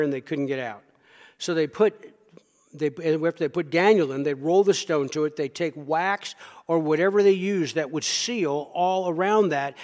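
A man's voice: fairly high pitch, big-room sound. A man preaching a sermon, retelling a scripture story with emphatic asides to his listeners. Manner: emphatic storytelling, talks directly to the congregation.

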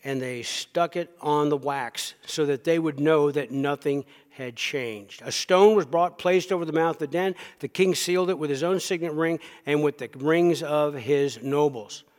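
A man's voice: fairly high pitch, normal speed, few pauses, darkish tone, long reverb tail. A man preaching a sermon, retelling a scripture story with emphatic asides to his listeners. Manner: emphatic storytelling, talks directly to the congregation.

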